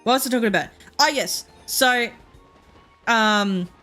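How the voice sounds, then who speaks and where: Aussie girl streamer chatting while she plays, kinda high bright voice, rambly, laughs a lot. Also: soft background music. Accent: Australian. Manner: rambling storyteller, laughs often, quick asides. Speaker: game streamer. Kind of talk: casual chat while playing.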